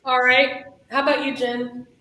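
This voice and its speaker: A woman's voice: high voice, little pitch movement, moderate pace, bright, forceful tone. A woman moderating a panel, prompting each guest by name in a casual, friendly way. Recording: echoey room with faint hiss.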